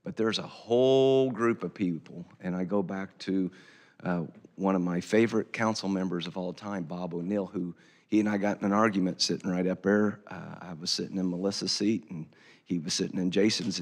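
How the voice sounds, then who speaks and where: A very deep-voiced man addresses a county council in a folksy, emphatic way, hammering his points through repetition. His voice rings with long reverb from the meeting hall. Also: normal speed. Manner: folksy, emphatic, repeats himself for effect. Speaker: county commissioner. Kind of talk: public meeting remarks.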